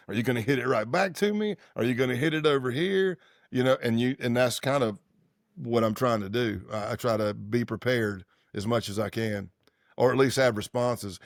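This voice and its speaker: This medium-pitched male voice is recorded at studio quality with no echo. He's a fifty-something ex-undercover agent recounting stories in a relaxed interview, his talk loose and self-correcting as he performs other people's lines in animated voices.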